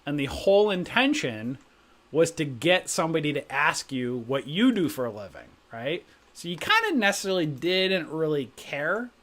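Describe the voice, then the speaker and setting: A man's voice: on the high side, very animated, moderate pace, a bit bright. Chatty man rambling through old stories. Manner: rambling anecdotes with frequent "right?". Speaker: stock trading stream host. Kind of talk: casual livestream chat.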